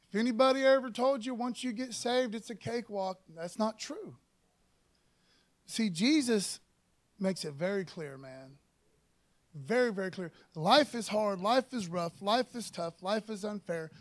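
A man preaching a sermon in a folksy, conversational way, who keeps adding "man" and asking "amen?" and slows down and gets louder when reading scripture. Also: high voice.

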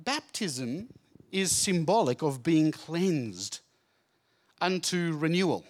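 Animated man giving a chatty Bible talk. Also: on the high side, takes it slowly. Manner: animated, chatty and jokey, acts out scenes. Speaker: speaker at a student Bible training night. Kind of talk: lively Bible talk to a live group. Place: room with a live audience.

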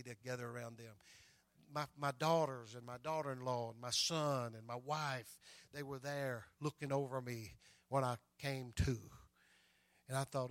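A man's voice: medium pitch, no room sound. Older male pastor, storytelling sermon, repeats himself, amen-heavy, dry and close. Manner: storytelling preacher, repeats words and adds "amen" often.

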